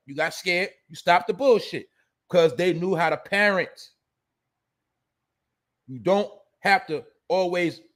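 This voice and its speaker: High-voiced man ranting blunt commentary. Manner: blunt, profane, preachy lecturing. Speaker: show host. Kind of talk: casual commentary monologue.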